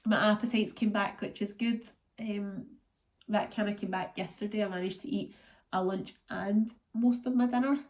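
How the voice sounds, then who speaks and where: A woman's voice: mid-range voice, steady tone, normal speed, darkish tone. A Scottish woman chatting to her camera in a loose, rambling way, full of ums and likes. She sounds congested and worn down by a cold. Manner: chatty, rambling, lots of fillers. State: congested and run down from illness. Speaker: vlogger. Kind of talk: casual vlog chat.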